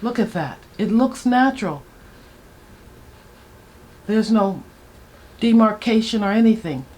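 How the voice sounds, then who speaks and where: A woman in her sixties chatting to viewers while doing her makeup, excitable and gushing about her products. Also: mid-range voice, slow. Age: 60s. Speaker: beauty vlogger. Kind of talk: get-ready-with-me makeup chat.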